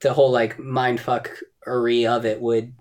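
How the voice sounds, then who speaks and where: A man's voice: mid-range voice, flat delivery, unhurried, a little mellow. A man co-hosting a casual podcast, talking about a film in a loose, profane way, often laughing. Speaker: podcast co-host. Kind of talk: casual movie discussion.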